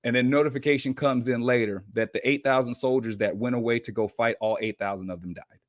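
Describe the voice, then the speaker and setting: A man on a podcast as a guest coach, telling a story in an animated, informal way. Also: medium pitch, fast talker, dry recording, studio quality. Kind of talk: casual storytelling.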